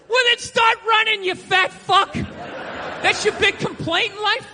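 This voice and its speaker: High, bright, shouting stand-up comedian man. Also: normal speed. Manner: ranting, often shouting, sarcastic and profane. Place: theater stage before a live audience. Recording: long hall reverb with faint ambience.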